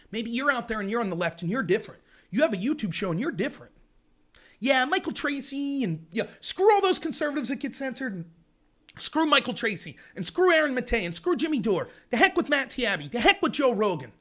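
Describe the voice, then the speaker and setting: A man hosting a political commentary livestream, ranting in an animated, sarcastic way. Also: very high-pitched, normal speed. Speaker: host.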